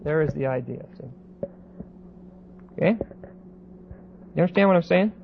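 A man lecturing a Bible class, pausing and repeating words and often checking that students follow. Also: fairly high pitch, animated, creaky. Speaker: Bible teacher. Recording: dull lo-fi recording with faint hiss.

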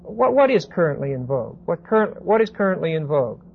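A man giving a Bible class lecture, reading verses slowly with emphasis and then explaining them in casual asides. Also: fairly high pitch, very animated, vocal fry. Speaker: Bible teacher. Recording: dull lo-fi recording with faint hiss.

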